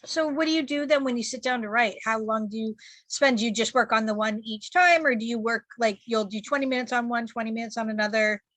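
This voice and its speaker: A woman's voice: fairly high pitch, fast talker, a bit bright, no echo. A woman co-hosting a podcast, musing aloud in a chatty way with lots of "like". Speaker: podcast co-host. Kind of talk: casual podcast chat.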